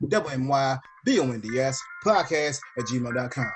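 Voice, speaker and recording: A man hosting a podcast interview, laid-back and quick to laugh. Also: mid-range voice, expressive, music in the background. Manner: laid-back, laughs often, repeats call-in details. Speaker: podcast host.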